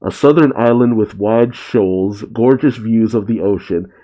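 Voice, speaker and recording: Man, manga reaction host, mellow, dry asides while reading. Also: lowish voice, measured pace, muffled recording.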